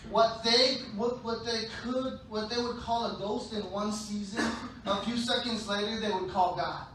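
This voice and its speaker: A high, bright-voiced man preaches playfully, now and then shouting out short scenes in put-on voices. He is heard from a distance in a very echoey church hall, with faint noise underneath. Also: fairly even intonation, measured pace. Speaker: pastor. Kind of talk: sermon.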